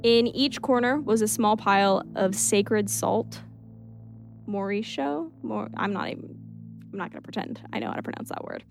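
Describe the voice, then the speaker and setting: A woman reading a creepy first-person story aloud at a steady pace, now and then breaking off for casual asides. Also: mid-range voice, normal speed, vocal fry, music in the background. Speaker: horror story narrator.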